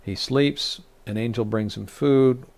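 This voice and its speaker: A man's voice: medium pitch, slow pace, creaky, darkish tone. A man, a rabbi, teaching a Torah study, reading scripture aloud and explaining it with frequent restarts and fillers.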